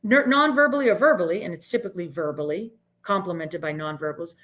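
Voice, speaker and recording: A woman's voice: lowish voice, fast, fairly bright tone. Earnest woman. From Boston area, US. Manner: earnest, emphatic, frequent "right?" tags. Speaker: podcast guest. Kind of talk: reflective interview talk.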